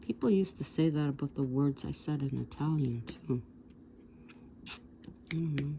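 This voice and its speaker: A woman's voice: deep voice, moderate pace, gravelly, mellow, a little hiss or hum. A woman in her sixties rambling through an old story for her vlog, with digressions and asides to viewers. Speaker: vlogger. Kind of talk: casual storytelling.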